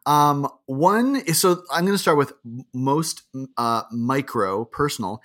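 Lively, rambling man podcast co-host. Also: mid-range voice. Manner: rambling, halting restarts, playful. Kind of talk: casual comedic chat.

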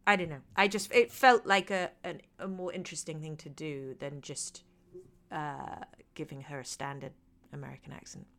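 Bright-voiced British woman, wry storyteller. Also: sits low, steady tone, moderate pace. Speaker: actress, podcast guest. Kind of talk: conversational interview.

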